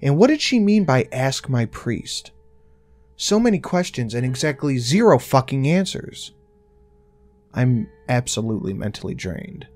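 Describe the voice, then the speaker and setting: A man's voice: mid-range voice, very animated, moderate pace, darkish tone. A man narrating a first-person horror story in a tense, intense way, swearing now and then.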